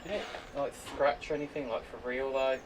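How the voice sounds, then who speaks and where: A man chatting to himself and his viewers in an excitable way while he works on a computer at home. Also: medium pitch, brisk. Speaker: vlogger. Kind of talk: casual running commentary while using a computer. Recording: voice a bit far from the mic, faint background noise.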